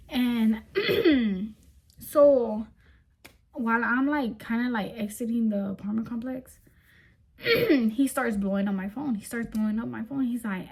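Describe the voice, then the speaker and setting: Speaking directly to her audience, a young woman vlogger spins a casual storytime tale, lively and full of slang, in a fairly high-pitched voice at normal speed.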